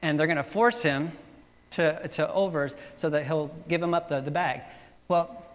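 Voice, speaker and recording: A pastor preaches in an easygoing, storytelling way, full of fillers and little restarts. His man's voice sits a bit higher than usual. It rings with a long reverb, as in a large hall. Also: normal speed. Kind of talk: sermon.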